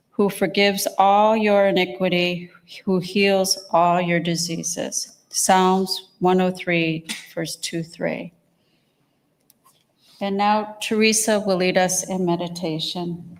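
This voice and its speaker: Woman reading a devotional aloud. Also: medium pitch. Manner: steady, measured read-aloud delivery. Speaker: service reader. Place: church service.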